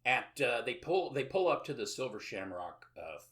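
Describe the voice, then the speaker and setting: A man's voice: mid-range voice, big pitch swings, normal speed, fairly bright tone. A man hosting a podcast, recapping a film plot in casual, sarcastic chat full of filler sounds. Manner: rambling, with many filler sounds and sarcastic asides. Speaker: podcast host.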